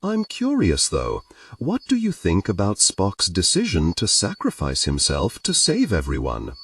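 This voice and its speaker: A man's voice: deep voice, huge pitch swings, a little slow, fairly bright tone, far from the mic, exaggerated voice. A man voicing a formal, logical alien boyfriend. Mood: curious. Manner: formal, precise phrasing without contractions.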